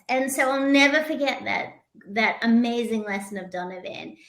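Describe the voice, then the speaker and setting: A woman guest on a podcast, telling stories in a lively, expressive way. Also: on the high side, fairly quick, hardly any pauses, echoey room. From moved to the US from abroad. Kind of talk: storytelling interview talk.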